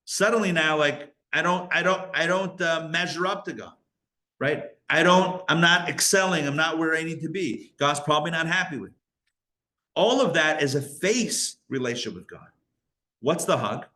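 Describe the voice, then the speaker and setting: A male rabbi teaching a live Kabbalah class, animated, asking rhetorical questions and breaking off his own sentences. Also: a little high, normal speed.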